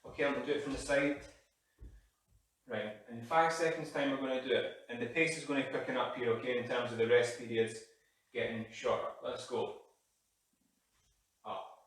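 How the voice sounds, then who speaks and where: A man's voice: medium pitch, fairly even intonation, normal speed, pauses often, a bit bright. A man leading a live workout while exercising, out of breath and breathing hard as he talks. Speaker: fitness coach. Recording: echoey room, mic far off.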